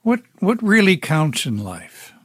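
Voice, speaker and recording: A man hosting a broadcast interview, asking questions in a measured, thoughtful way. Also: high-pitched, wildly swooping pitch, fairly bright tone, dry recording, clean studio sound. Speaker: interviewer host.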